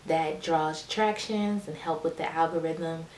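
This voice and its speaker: A woman's voice: deep voice, steady tone, measured pace, darkish tone, reverberant, slight background noise. A woman vlogger chatting casually and encouragingly to her viewers as she shows a hair routine. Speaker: beauty vlogger. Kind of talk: casual how-to chat.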